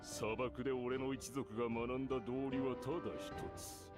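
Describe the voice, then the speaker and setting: An actor playing a cynical, greedy mercenary in a video game, speaking bluntly and lecturing with scorn. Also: male voice, medium pitch, little pitch movement, fast talker, music in the background, lightly acted. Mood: scornful.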